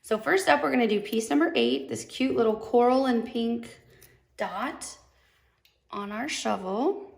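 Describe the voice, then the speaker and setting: A woman's voice: on the high side, very animated, unhurried, vocal fry. A young woman demonstrating machine embroidery, chatty and bubbly, gushing over how cute each step looks. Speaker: sewing instructor. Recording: echoey room.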